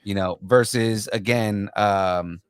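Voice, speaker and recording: Rambling low-voiced podcast guy. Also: fairly even intonation, clear, resonant tone, dry recording. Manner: rambling, halting, lots of fillers. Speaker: podcast co-host. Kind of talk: casual pop culture chat.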